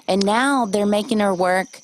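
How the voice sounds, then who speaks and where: A woman hosting a podcast, chatting casually, animated and swearing freely. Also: mid-range voice, a little slow, poor audio. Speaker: podcast host.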